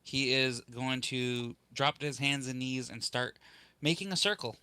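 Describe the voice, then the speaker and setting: A man playing a tabletop game, casually describing his character's actions in a relaxed way. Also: medium pitch, a little slow, clean tone, no room sound. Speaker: player.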